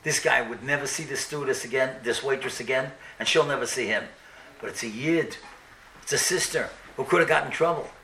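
A man giving a storytelling sermon, animated and acting out the dialogue. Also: mid-range voice, fairly quick, a little hiss or hum. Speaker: speaker. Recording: echoey room, mic at a distance.

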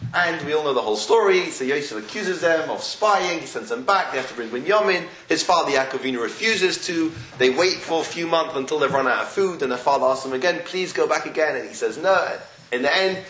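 A man with a fairly bright voice on the high side teaches a Torah class on the weekly portion. He tells it as a story with rising questions, recorded in an echoey room with faint noise.

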